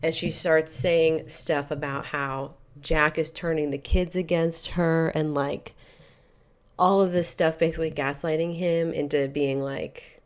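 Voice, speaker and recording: A woman's voice: deep voice, fairly even intonation, measured pace. A woman co-hosting a podcast, casually retelling a novel's plot in a chatty way, peppered with "like" and "you know.". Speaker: podcast co-host. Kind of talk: casual book-club chat retelling a plot.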